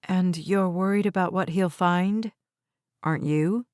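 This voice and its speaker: A woman narrator voicing a young woman with a deadpan, teasing way of talking. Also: on the low side, unhurried, clean tone, no echo, studio quality, close to an everyday voice. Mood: wry.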